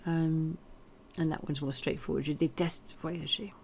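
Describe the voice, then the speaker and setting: A woman's voice: low-pitched, steady tone, measured pace, creaky, darkish tone, a little hiss or hum. Chatty woman teaching a French lesson. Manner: explanatory, chatty, with fillers and hesitations. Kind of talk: recorded language lesson.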